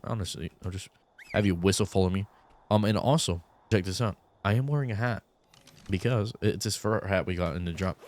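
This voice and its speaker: Low-voiced young man rambling over gameplay. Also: a little hiss or hum. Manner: rambling, many fillers, easygoing. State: groggy morning voice. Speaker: gaming YouTuber. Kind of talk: casual let's-play commentary.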